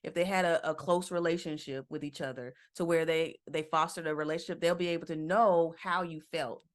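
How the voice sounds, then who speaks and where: A woman hosting a casual podcast, backing up her husband with soft affirmations and then explaining her views with feeling. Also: low-pitched, fairly even intonation, brisk. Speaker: podcast host, wife.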